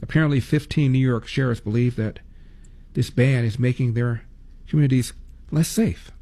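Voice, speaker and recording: Older male talk host, wry and sarcastic, middle pitch, casual monologue pace. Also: moderate pace, dark tone. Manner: sarcastic, rhetorical questions.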